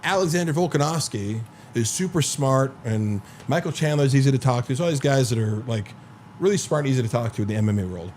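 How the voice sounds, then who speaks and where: A man in casual podcast chat, telling a long story and stringing it together with 'like' and curses. His voice sits at an ordinary pitch. A faint noise runs under the recording. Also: lively intonation, fast talker, a little mellow. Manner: rambling storyteller, heavy filler 'like', profane. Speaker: podcast host.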